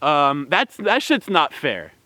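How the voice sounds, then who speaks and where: A man's voice: a little high, huge pitch swings, slow, bright, forceful tone, no echo. A man giving a rambling, heated opinion commentary with many fillers and restarts. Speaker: vlogger.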